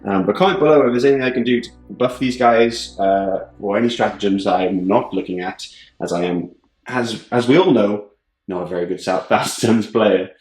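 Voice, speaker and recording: A man's voice: fairly low pitch, normal speed, a little mellow, soft background music. A man hosting a tabletop battle report, chatting casually and laughing often. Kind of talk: casual game commentary. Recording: roomy studio echo.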